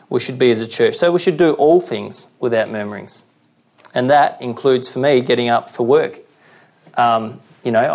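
A male preacher giving a sermon in a conversational way, reading scripture slowly and often checking in with "okay?". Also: mid-range voice, vocal fry, a little mellow.

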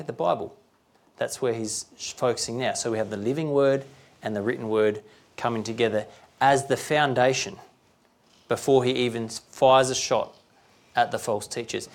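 A man preaches in a conversational, down-to-earth style and often stops to ask his listeners rhetorical questions. His mid-pitched voice has a gravelly, creaky texture.

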